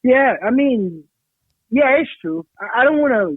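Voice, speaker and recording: A man's voice: very high-pitched, animated, unhurried, dry recording. Man on a tinny line. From Haiti. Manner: self-assured, explains at length. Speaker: podcast co-host. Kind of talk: casual podcast chat. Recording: tinny phone-like sound.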